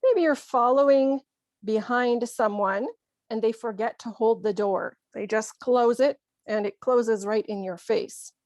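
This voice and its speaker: Slow, clear woman teaching English. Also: fairly high pitch, darkish tone, dry recording, studio quality. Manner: slow, clear explanations with acted example lines. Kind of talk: scripted ESL lesson.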